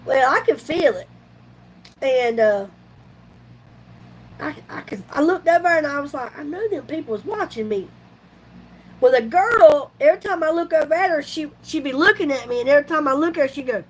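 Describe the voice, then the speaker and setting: A woman's voice: high-pitched, a little fast, a little hiss or hum, poor audio. A woman, telling a folksy story to her vlog viewers. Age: 50s. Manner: chatty, folksy, animated retelling with laughs. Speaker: YouTube vlogger.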